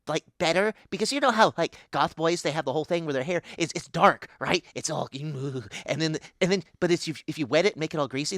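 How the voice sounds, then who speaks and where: Man playing a scatterbrained female pixie goddess: gleeful, rambling, bright tone, wildly swinging pitch, dry sound. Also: no echo. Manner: rambling, giggly, swings between booming and squealing. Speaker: guest voice actor. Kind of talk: comedic improvised character interview.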